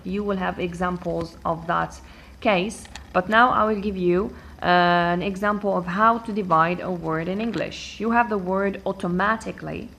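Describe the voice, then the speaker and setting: A woman's voice: medium pitch, fairly bright tone. A woman English teacher explaining a lesson patiently, repeating key points, asking "okay?" and drawing out important words. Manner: stretches out and stresses key words while explaining. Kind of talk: classroom-style explanation.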